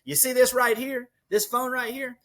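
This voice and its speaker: A man's voice: very high voice, flat delivery, normal speed, fairly bright tone, voice pushed up. A man voicing a blunt middle-aged businessman who makes his point with punchy, emphatic questions.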